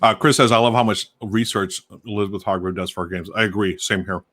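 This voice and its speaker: A man streams live from his desk mic, snacking as he unboxes a board game and talks eagerly to viewers, full of fillers while he thinks out loud. His voice is on the low side, steady and fast, with a fairly bright tone.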